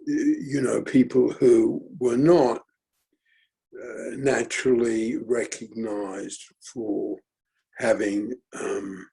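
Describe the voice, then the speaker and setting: A middle-aged man giving a reflective talk at his forum, speaking haltingly with many fillers and restarts. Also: medium pitch, steady tone, gravelly, dark tone, breathy edge, poor audio. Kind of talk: reflective talk, thinking aloud.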